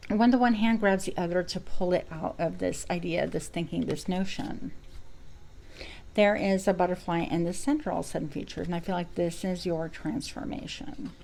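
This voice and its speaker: A woman's voice: lowish voice, moderate pace, gravelly, mellow, slight background noise, rough recording. A woman giving a spiritual card reading to her viewers, reflective and searching for words as she goes. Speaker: tarot reader.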